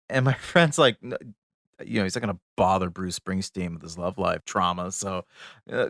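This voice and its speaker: A man co-hosting a podcast, telling a long anecdote in a lively, casual way and dropping his voice low for asides. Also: normal speed, vocal fry, no room sound, clean studio sound. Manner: animated storyteller, drops voice low for asides. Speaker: podcast co-host. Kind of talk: casual chat, storytelling.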